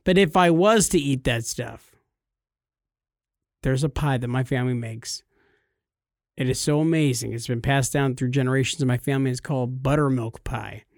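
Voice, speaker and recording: A man's voice: mid-range voice, moderate pace, long pauses, a little mellow, no echo, studio quality. A man from California co-hosting a podcast, chatting casually in an enthusiastic, playfully boastful way. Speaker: podcast co-host. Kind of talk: casual chat.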